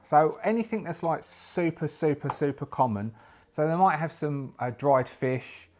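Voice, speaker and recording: A man talking through a solo tabletop game, thinking aloud and doubling back as he works out rolls. His voice sits slightly high for a man. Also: unhurried, darkish tone, slight background noise. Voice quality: thinks aloud while rolling dice, stop-start restarts. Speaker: solo game player and narrator. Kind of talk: casual solo actual-play narration.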